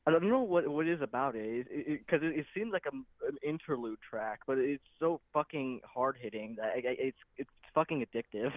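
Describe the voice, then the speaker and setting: A man of middle pitch hosts an interview, asking questions haltingly with plenty of ums. His voice comes through a tinny, phone-like line with a dry sound. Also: animated, no room sound. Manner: hesitant, many ums and uhs. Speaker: interview host.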